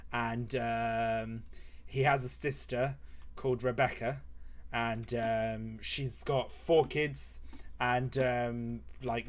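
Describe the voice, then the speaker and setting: A man telling a comic story on a live stream while drawing, rambling with many fillers and swearing. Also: medium pitch.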